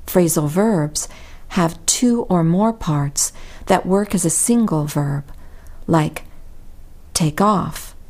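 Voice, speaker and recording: A middle-aged woman reads a scripted pronunciation lesson at a very unhurried pace. Her voice is warm and mellow, sitting a little low for a woman. She lands on stressed syllables carefully and deliberately. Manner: slow, deliberate reading with careful stress on words. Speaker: English pronunciation teacher.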